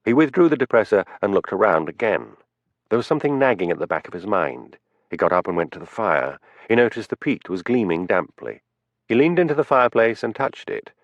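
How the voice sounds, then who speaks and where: A man narrating a mystery audiobook in a steady, expressive way. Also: fairly low pitch, brisk, dry recording, dull audio. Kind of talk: scripted narration.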